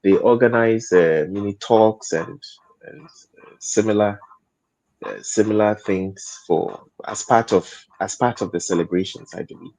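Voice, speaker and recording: A man's voice: fairly low pitch, a little slow, a little mellow. A man speaking as a panel guest in a studio discussion, hesitant, repeating words and laughing often.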